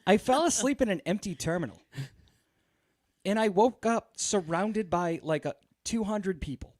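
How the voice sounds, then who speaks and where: A man's voice: high-pitched, animated, moderate pace, a little mellow, no room sound. A man hosting a podcast, telling a long, exasperated story in a casual, profane way full of fillers. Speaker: podcast host.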